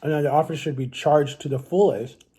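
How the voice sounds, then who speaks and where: A young vlogger speaks casually and earnestly to his camera at home, his husky, slightly rough voice carrying a soft, mellow tone. His pitch is on the high side and his intonation fairly even, and he talks quickly. His sentences ramble and restart as he thinks things through.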